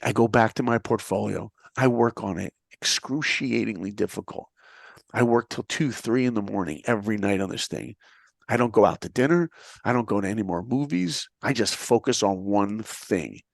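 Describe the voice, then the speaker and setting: A middle-aged New Yorker with a lowish, creaky voice recounts his own story in a motivational style at a moderate pace. He's animated and acts out the dialogue as he tells it, and there's no echo.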